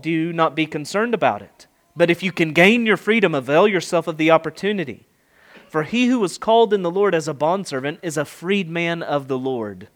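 A middle-aged man preaching an expository sermon, emphatic, with rhetorical questions and rising and falling delivery. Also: on the high side.

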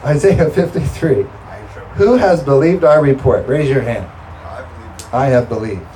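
A man's voice: medium pitch, a little slow, warm tone, a little hiss or hum, low-quality recording. A male pastor preaching a sermon and leading a communion prayer, with emphatic, rising delivery and call-and-response to the congregation. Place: church sanctuary.

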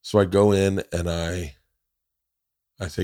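A man's voice: low voice, little pitch movement, slow, darkish tone, no room sound, clean studio sound. A man in his forties hosting a podcast, telling a personal story in a blunt, profane, emotional way. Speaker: podcast host. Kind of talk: casual storytelling conversation.

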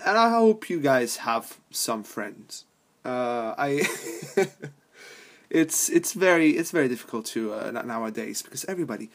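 A man's voice: medium pitch, a bit bright. A young adult man hosting a podcast, rambling casually and swearing, laughing often between thoughts. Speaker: podcast host.

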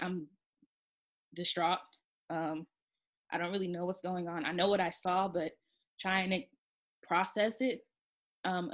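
A soft-spoken woman telling a personal story in a halting way, with many pauses and restarts. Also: fairly low pitch.

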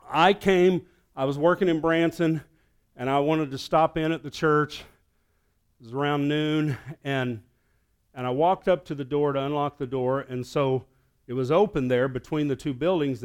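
A man preaches to his congregation, telling a story with a slightly high voice. He drops to a near whisper, then climbs to loud, excited peaks. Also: clean tone. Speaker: pastor. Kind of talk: sermon. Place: church sanctuary.

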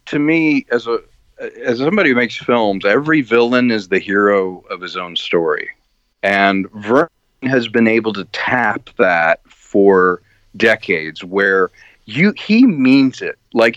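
A man talks as a filmmaker guest in a relaxed interview, full of energy as he tells stories and slips into other people's voices. His voice sits at an ordinary pitch. It comes over a muffled video call with a dry, close sound. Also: unhurried, no echo. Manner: animated storyteller who acts out quoted lines. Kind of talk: casual interview. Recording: dull lo-fi call audio.

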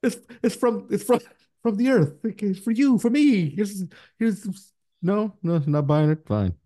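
A man hosting a podcast in casual chat, rambling through profane shout-outs. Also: high voice, lively intonation, unhurried, no room sound. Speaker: podcast host.

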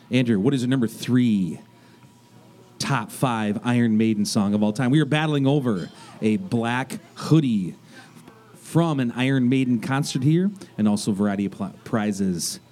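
Animated male radio host. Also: mid-range voice. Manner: animated, laughing storyteller. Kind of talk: casual storytelling chat.

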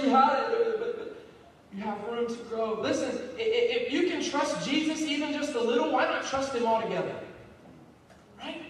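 A high-voiced male pastor delivering a fervent, repetitive sermon full of rallying calls. He sounds distant and boomy, as if recorded from far back in a large reverberant hall. Soft music plays behind him. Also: a little hiss or hum. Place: church sanctuary.

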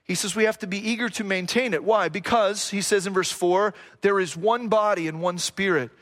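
A man's voice: sits high, normal speed, fairly bright tone. A middle-aged male pastor giving a sermon in an earnest, repetitive preaching cadence, with rhetorical questions and self-deprecating asides. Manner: self-deprecating asides, jokes about his own accent.

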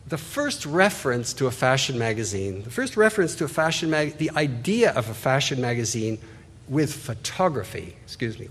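A man giving an art history lecture, talking loosely and pointing things out on slides, often restarting his phrases. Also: on the high side. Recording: hall reverb, husky voice.

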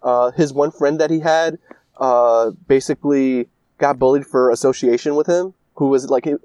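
A man's voice: medium pitch, moderate pace, darkish tone, dry recording. A young man in casual chat, rambling and swearing through a story recap full of filler words. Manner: rambling, profane, lots of filler "like".

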